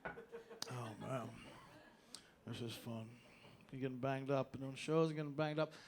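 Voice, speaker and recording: A stand-up comedian with a mid-range voice speaks at a measured pace on a comedy club stage, with slight background noise. He rants loosely and sarcastically, swearing freely.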